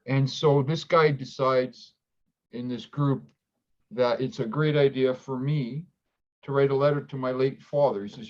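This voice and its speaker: A man's voice: medium pitch, fairly even intonation. Reflective man guest, lo-fi sound. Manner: reflective, halting with many restarts; acts out quoted dialogue with livelier voice. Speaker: doctor in recovery, guest. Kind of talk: candid interview conversation.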